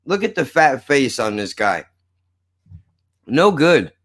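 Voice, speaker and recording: A man's voice: mid-range voice, sing-song, slow pace, a bit bright. A man hosting a podcast, rambling and joking with heavy swearing. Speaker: podcast host. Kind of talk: casual podcast banter.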